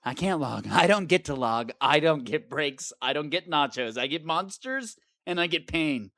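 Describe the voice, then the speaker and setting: Woman voicing a melodramatic, put-upon game hero, high voice, dry close sound, comic diary rant. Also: sing-song, normal speed, fairly bright tone, no room sound. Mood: weary. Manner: sarcastic, melodramatic complaining. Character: long-suffering male game hero stuck in a cave. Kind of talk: comedic diary monologue.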